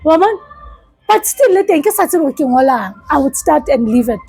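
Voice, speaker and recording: A South African woman, a life coach, giving an earnest, halting personal testimony in a support session and often repeating herself. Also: high voice, very animated, mellow, rough recording.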